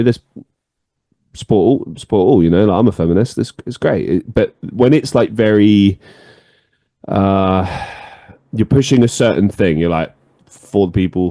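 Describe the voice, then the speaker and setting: In a lowish voice at a moderate pace, a podcast host spins lively stories in casual conversation, full of cursing and frequent laughter. It's studio-quality audio without room sound.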